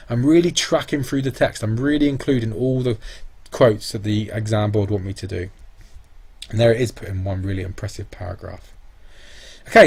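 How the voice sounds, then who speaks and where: A man's voice: mid-range voice, a little mellow, husky. A man teaching a revision lesson on exam answers, explaining step by step and thinking aloud. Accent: British English. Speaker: English teacher.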